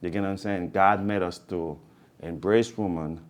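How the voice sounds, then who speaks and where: A man's voice: deep voice, steady tone, normal speed. A man with a Jamaican accent co-hosting a podcast, casual and emphatic, repeating phrases to drive a point home. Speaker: podcast co-host. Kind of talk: casual chat.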